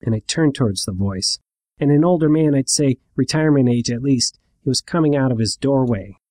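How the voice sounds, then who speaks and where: A man's voice: mid-range voice, fairly quick, a little mellow, no room sound, studio quality. A middle-aged man telling a personal story in a wry, conversational way with asides to the listener.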